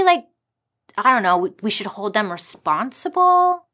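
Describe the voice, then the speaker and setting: A young woman casually telling a dark history story, chatty with sarcastic asides. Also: on the high side, very animated, normal speed.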